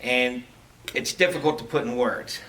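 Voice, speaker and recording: A middle-aged man giving a heartfelt farewell speech as a retiring police lieutenant, telling stories with halting restarts. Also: mid-range voice, bright, forceful tone. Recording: distant mic, faint background noise.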